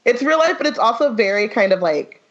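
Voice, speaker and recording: A woman's voice: a little high, very animated, brisk. A woman chatting as a podcast guest, rambling and filling her talk with "like". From United States. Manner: rambling, lots of "like", laughs often. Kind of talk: casual chat. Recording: muffled lo-fi audio.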